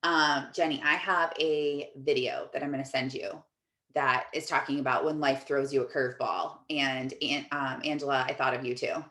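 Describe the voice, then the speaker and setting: A woman's voice: very deep voice, steady tone, normal speed, pushed and bright, reverberant. A woman life coach hosting a group video call, chatting casually and reading out comments from the chat in an upbeat, encouraging way.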